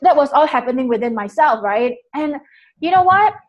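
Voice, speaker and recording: Animated, candid woman guest. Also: sits high, normal speed, highs cut off. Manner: animated, swears freely, acts out her inner voice. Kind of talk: candid conversational storytelling.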